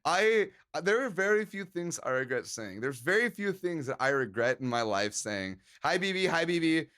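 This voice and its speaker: A man's voice: a little high, very animated, normal speed, a bit bright, clean tone. A man live-streaming and chatting casually with his viewers, joking around and laughing often.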